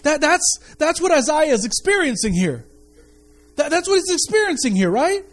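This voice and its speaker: A man with a strikingly high-pitched voice preaches a sermon as a pastor. His delivery swings widely in pitch as he repeats key phrases and stumbles over restarts. He sounds animated and conversational from the pulpit. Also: moderate pace, faint music behind.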